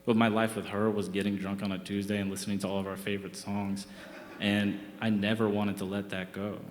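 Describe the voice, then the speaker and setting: A little hiss or hum sits under this young man's low-leaning voice as he recounts a funny true episode from his own life on stage. The tone is wry, conversational and self-mocking, and the theatre adds a roomy reverb.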